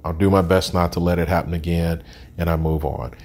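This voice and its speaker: A man's voice: low voice, fairly even intonation, a little fast, darkish tone. A man in his sixties telling his life story as an interview guest, candid and plain-spoken with frequent ums and restarts. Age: 60s.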